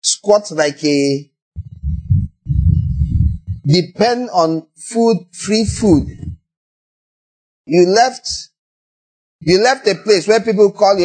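A man with a Nigerian accent preaching a sermon, animated and acting out little scenes in other voices. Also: high-pitched, takes it slowly, long pauses, slightly rough.

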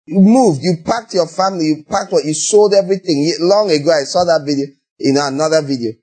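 A man with a Nigerian accent preaching a sermon, animated and acting out little scenes in other voices. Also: a little high, husky.

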